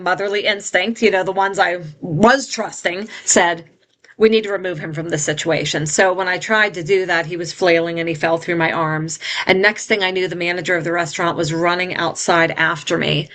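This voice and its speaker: A middle-aged woman with a somewhat low-pitched voice, speaking as a guest in an interview. She tells a painful personal story in an earnest, heartfelt way. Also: fairly even intonation, normal speed, a bit bright.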